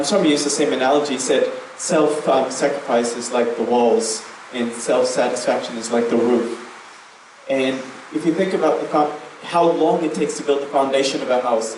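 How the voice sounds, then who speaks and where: A man sharing memories with a gathering in an earnest, reflective way, slowing down to stress key words. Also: medium pitch, darkish tone. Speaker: youth group member sharing memories. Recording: echoey room, distant mic, faint noise.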